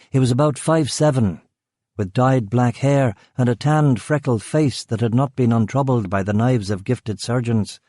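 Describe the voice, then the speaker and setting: A man reading a crime thriller audiobook in measured scripted narration. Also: mid-range voice, mellow, dry recording, studio quality.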